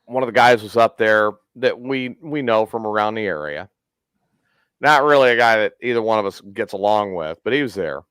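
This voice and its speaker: A man's voice: lowish voice, moderate pace, a bit bright, smooth, no room sound. A man hosting a casual podcast, telling a long profane story and acting out the quotes. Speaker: podcast host.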